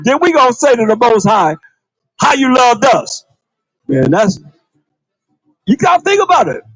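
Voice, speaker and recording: A priest preaches a livestreamed sermon in a colloquial, repetitive style, packed with rhetorical questions, and calls on a reader to read. His voice sits high; the recording is rough but has no echo.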